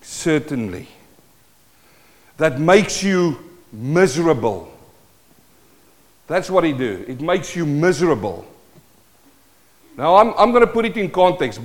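A man preaching a sermon in a South African accent, swinging from loud declaiming to a hushed voice. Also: a little high. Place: church hall. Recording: long hall reverb.

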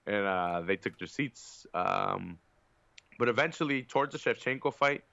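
A man's voice: fairly low pitch, animated, normal speed, creaky, sharp tone, dry recording, dull audio. A man on a podcast telling a long, profane, rambling story in casual chat, with lots of fillers. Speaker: podcast co-host.

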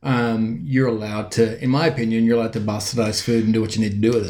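A man's voice: fairly low pitch, flat delivery, fast, darkish tone. A man co-hosting a casual chat and talking with frequent fillers and restarts. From born outside the US. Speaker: podcast co-host. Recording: echoey room.

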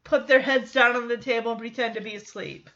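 A woman's voice: fairly high pitch, steady tone, brisk, a bit bright, muffled recording. A woman casually recapping a sitcom episode, chatty, laughing often and quoting the characters.

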